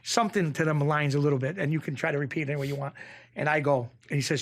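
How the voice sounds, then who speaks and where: Guesting on a podcast, this Springfield, Massachusetts man races through a lively story, voicing the other characters' lines himself. His voice sits a little high and leaps in pitch as his excitement mounts.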